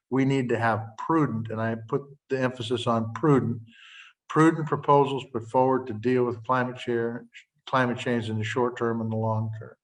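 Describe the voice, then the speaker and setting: An older man from Montana talks plainly and earnestly, with a folksy turn of phrase. His pitch sits in the middle of the male range. He is on a video call and sounds a little distant from the microphone. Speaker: senator.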